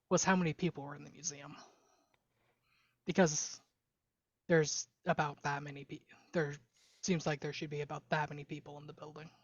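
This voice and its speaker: A woman's voice: low-pitched, no echo. A woman playing a tabletop game, thinking aloud as she works things out, heard through a dull lo-fi mic. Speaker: player. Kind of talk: casual tabletop game chat.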